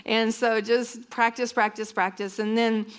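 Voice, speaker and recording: A woman's voice: on the high side, flat delivery, unhurried, smooth. A woman minister telling stories in a sermon-style talk to a church group, often acting out what other people said. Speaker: minister speaking to students.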